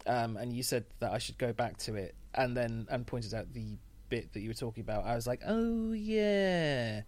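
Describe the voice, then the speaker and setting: A man co-hosting a podcast, talking casually in a measured, slightly hesitant way. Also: medium pitch, fairly even intonation, a little mellow, no echo. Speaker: podcast co-host.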